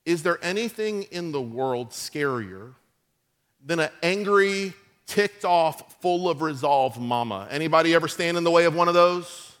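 A man's voice: a little high, animated, a little slow, a bit bright. A man preaching a sermon, retelling a scripture story in a loose, conversational way full of modern asides. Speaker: pastor.

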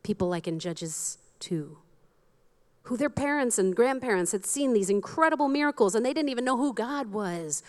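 A woman's voice: a little high, lively intonation, moderate pace, a little mellow. A woman pastor preaching a sermon, candid and self-deprecating, often laughing at herself.

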